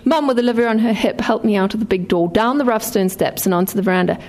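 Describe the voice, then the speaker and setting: A woman's voice: medium pitch, fast talker, a little mellow. A woman born in England reading her own memoir with dry wit, then talking about writing it. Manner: dry, wry storytelling.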